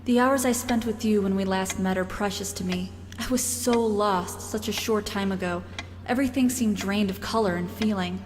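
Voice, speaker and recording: A woman voicing a young wife who reads her love letter in a soft, dreamy way, from a game. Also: medium pitch, normal speed, in a large hall, noisy background, natural voice. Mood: tender.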